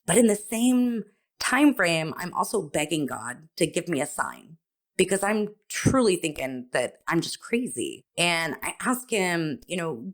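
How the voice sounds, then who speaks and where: A woman podcaster telling a personal testimony in an expressive, self-deprecating way, acting out her own thoughts. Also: on the low side, a little slow. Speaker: author and podcaster.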